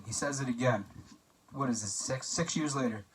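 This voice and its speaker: A man's voice: mid-range voice, normal speed, recorded from a distance, a little hiss or hum, rough recording. A young man giving a casual, joking best-man toast for a class assignment, telling anecdotes with plenty of fillers.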